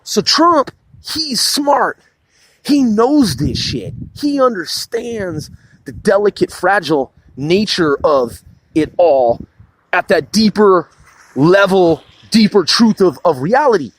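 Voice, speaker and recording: A man on a heated political rant, swearing constantly, repeating and restarting his sentences. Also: high-pitched.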